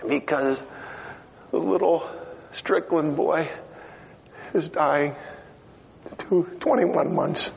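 A man's voice: on the high side, very slow, creaky, long pauses. An older man preaching a sermon. He tells an emotional story and turns to ask his listeners things. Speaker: pastor. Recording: lo-fi recording in a reverberant hall, faint noise.

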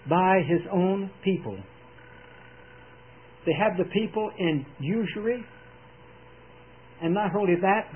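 A man preaching a sermon in an earnest, emphatic way, with dramatic pauses, heard over a tinny old radio broadcast. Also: high-pitched, slight background noise.

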